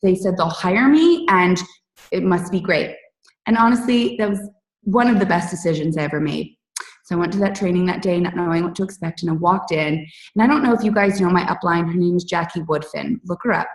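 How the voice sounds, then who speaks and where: Speaking a little fast in a lowish voice, a woman in her late thirties who coaches fitness opens up to her team on a call. She's frank and conversational, peppering her story with "like" and "you guys," and the recording is roomy and distant from the mic.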